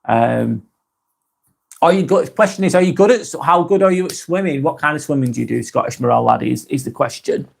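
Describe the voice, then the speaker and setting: A man hosting a casual live stream, talking softly and unhurriedly, apologising often and reading out viewer comments. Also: mid-range voice, vocal fry. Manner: soft, unhurried, apologetic, with frequent ums and restarts.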